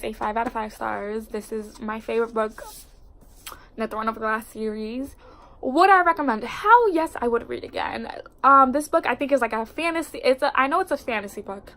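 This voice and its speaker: Bright-voiced, congested young woman chatting books. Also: on the high side, moderate pace. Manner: expressive and chatty, fillers like "like". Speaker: book vlogger. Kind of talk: casual book review chat.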